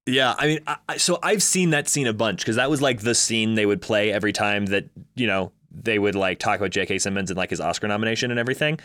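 A man's voice: on the low side, fast, few pauses, a bit bright, no echo. A man co-hosting a casual film discussion, thoughtful and working through ideas step by step. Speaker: film podcast co-host.

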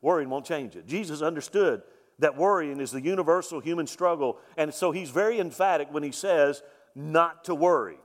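A man's voice: a little high, normal speed. A man preaching a sermon as pastor, emphatic, repeating key lines and asking rhetorical questions. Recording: long reverb of a large hall.

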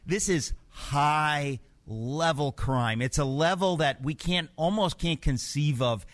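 A man hosting a talk show, speaking in a measured way as he wraps up an interview. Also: a little high. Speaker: host.

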